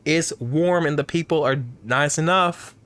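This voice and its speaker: A man's voice: fairly high pitch, a little slow, clean tone. A man casually commentating a video game, telling rambling, profane stories between scenes. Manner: rambling, profane, animated storytelling. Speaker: let's play gamer.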